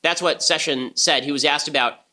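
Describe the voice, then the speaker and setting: A man's voice: on the high side, fairly even intonation, normal speed, sharp tone. A man hosting a political podcast, delivering commentary in a punchy, sarcastic way. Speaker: podcast host.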